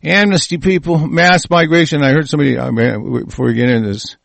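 Man, angry profane rant, fairly high voice, stumbling restarts, dry close sound. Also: fairly even intonation, brisk, creaky, dry recording. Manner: heated, swearing constantly, stumbling restarts; swings between low muttering and raised, shouting anger.

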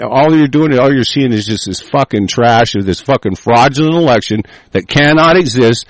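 A man hosting a show, reading aloud with halting fillers and breaking into profane, furious rants. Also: medium pitch, no room sound, rough recording. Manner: hesitant, many fillers while reading.

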